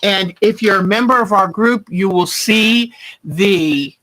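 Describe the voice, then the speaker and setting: Slow, bright-voiced woman host. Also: medium pitch, dry recording, rough recording. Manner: chatty, rambling, greets viewers by name. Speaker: quilting livestream host. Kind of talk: casual chat.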